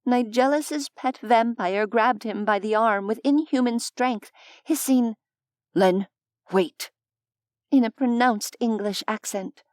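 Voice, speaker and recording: A woman reading a fantasy audiobook in a measured, expressive narration on a close studio mic. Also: fairly high pitch, smooth, dry recording.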